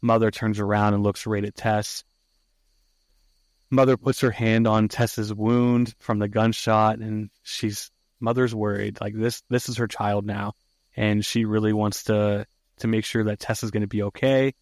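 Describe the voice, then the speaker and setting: A man on a podcast loosely retelling a film plot, with swearing and frequent "uh"s and "like"s. His voice is low, and the recording is dry and close with no room sound. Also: flat delivery, unhurried, darkish tone, no room sound. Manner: casual, profane, many fillers. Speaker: podcast host. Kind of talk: casual movie recap.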